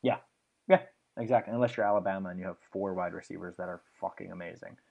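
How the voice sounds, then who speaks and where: A man's voice: sits low, fast, gravelly, a little mellow, highs cut off. Casual young man rattling off stats. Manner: enthusiastic, rattles off stats with fillers. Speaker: podcast host. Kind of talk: casual sports podcast chat.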